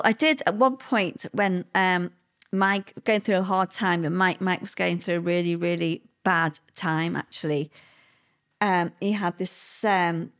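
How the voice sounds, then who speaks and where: A middle-aged woman, recounting hard personal memories in an interview, halting and full of fillers and restarts. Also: lowish voice. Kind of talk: personal testimony in conversation.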